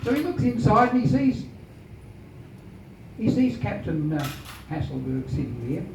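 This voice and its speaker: A man telling a historical tale as an oral storyteller, in a lively, dramatic way. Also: high-pitched, a little slow, vocal fry. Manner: lively, dramatic, animated retelling. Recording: echoey, distant, dull noisy room recording.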